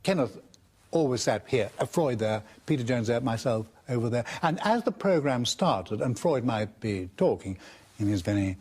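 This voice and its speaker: A man in a documentary interview, recalling a colleague in an animated way and mimicking voices as he goes. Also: mid-range voice, moderate pace, husky.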